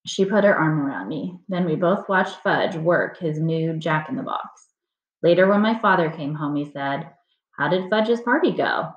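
A woman reading a children's chapter book aloud in a steady storytelling manner. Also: deep voice, moderate pace. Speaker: reader. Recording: roomy dull lo-fi recording.

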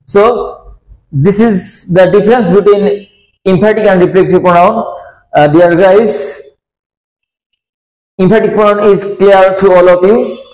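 Slow, echoey English grammar teacher man. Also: sits high, fairly even intonation, darkish tone. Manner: deliberate, repeats points, frequent "uh" pauses. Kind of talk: slow classroom explanation.

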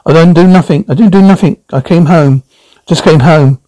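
A man's voice: on the high side, moderate pace, mellow, natural voice, rough recording. A man voicing a frightened, meek middle-aged salesman who stammers and pleads in a one-man radio drama. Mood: denying.

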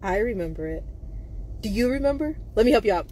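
A female host delivers an emotional monologue to viewers in a fast, animated, mid-range voice with a breathy edge. She goes from quiet mumbling to loud, intense, profane rants of anger, laughing nervously in between.

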